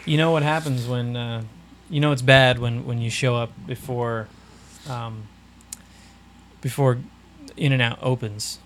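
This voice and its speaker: A man's voice: mid-range voice, steady tone, measured pace, pauses often, fairly bright tone, slight background noise. A man in his early thirties hosting a podcast, telling stories in casual chat with a laid-back manner and frequent laughs. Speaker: podcast host.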